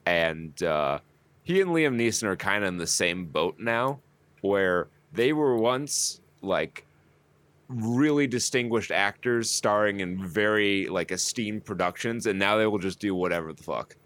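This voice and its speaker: A very deep-voiced man co-hosts a casual podcast. He rambles through his points, swears freely and laughs often. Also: animated, a little slow, a bit bright, no echo. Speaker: podcast co-host. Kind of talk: casual chat.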